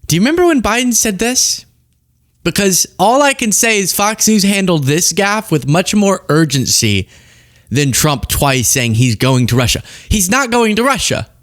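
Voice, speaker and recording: Animated sarcastic male political commentator. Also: sits high, moderate pace, no echo, clean studio sound. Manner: animated, sarcastic, laughs often.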